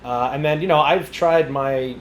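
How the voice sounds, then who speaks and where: A man's voice: on the high side, normal speed, echoey room, a little hiss or hum. A young man from New England, a podcast guest chatting casually, easygoing and self-deprecating, laughing often. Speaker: podcast guest, content creator. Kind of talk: casual interview chat.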